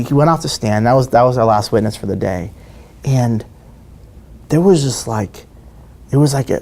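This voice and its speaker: Man retelling a courtroom story. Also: lowish voice. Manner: animated retelling that acts out quoted voices, with frequent restarts. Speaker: trial lawyer. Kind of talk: interview storytelling.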